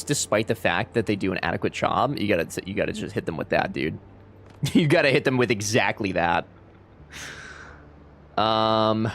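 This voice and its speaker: A man's voice: fairly low pitch, slight background noise. A young man casually commenting on a game he is playing, joking and swearing, and reading game lines in silly accents. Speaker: streamer.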